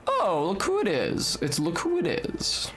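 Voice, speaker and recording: A woman's voice: fairly low pitch, huge pitch swings, soft background music. Joking woman streamer, casual swearing. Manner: joking, swears freely, quick asides to chat. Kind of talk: casual gameplay commentary.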